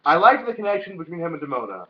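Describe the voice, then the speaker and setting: A man's voice: on the high side, big pitch swings, racing. A young man co-hosting a casual vlog chat, rambling with lots of fillers and swearing freely. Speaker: vlog co-host. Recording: dull lo-fi sound.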